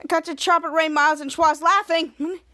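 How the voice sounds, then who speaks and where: A woman's voice: extremely high pitch, steady tone, fairly quick, pushed and bright. A woman hosting a podcast, rambling through a scene-by-scene recap of a TV episode with frequent restarts. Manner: rambling scene-by-scene retelling with self-corrections. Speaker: podcast host.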